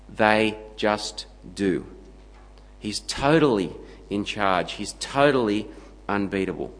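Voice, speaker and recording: A man preaching a sermon, emphatic and steady, building his points into punchy lists. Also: on the low side, slow, in a large hall, rough recording.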